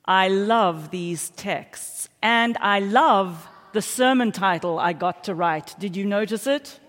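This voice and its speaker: A woman's voice: mid-range voice, slow pace, a bit bright. A middle-aged woman with a South African accent preaching a sermon in a church, telling stories in a chatty, self-deprecating way with frequent asides to the congregation. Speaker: pastor. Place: church sanctuary. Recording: long church hall reverb.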